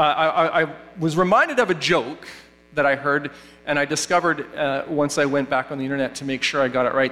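A man giving a sermon as a pastor, halting and restarting often, and getting lively when he tells a story. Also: on the high side. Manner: halting, many restarts, animated when telling a joke. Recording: reverberant hall, mains hum.

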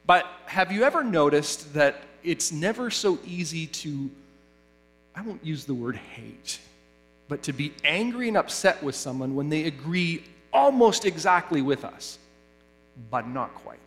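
A man's voice: fairly high pitch, soft background music. Man preaching in a reverberant hall. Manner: halting, many restarts, animated when telling a joke. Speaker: pastor. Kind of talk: sermon. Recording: reverberant hall, mains hum.

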